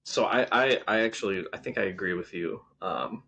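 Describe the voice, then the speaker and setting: A man's voice: on the low side, moderate pace, pushed and bright, husky. A man co-hosting a podcast, casually reviewing wrestling shows with lots of ums and restarts. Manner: rambling, frequent ums and restarts. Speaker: podcast co-host.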